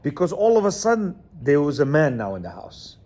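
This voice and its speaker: A man teaches a room of men in a loose, spoken lecture. His voice sits a bit high and he leans hard on his points, circling back and checking they understand. He acts out little quoted lines along the way. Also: fairly quick. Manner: repetitive, keeps asking "you understand?"; emphatic, lively, acts out quotes. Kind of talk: informal lecture to a class.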